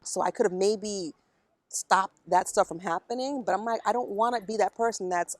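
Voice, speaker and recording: Middle-aged woman, interviewee; candid, blunt, emotional; mid-pitched; dry, close sound outdoors. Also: normal speed, no echo. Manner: frank, emotional, blunt with swearing. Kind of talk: candid conversation. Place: outdoors in a park.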